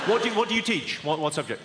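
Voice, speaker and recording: A man doing stand-up comedy, deadpan and brisk, teasing people in the audience from a theatre stage. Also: very high-pitched, very noisy. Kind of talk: stand-up comedy with crowd work. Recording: echoey theatre hall, loud audience.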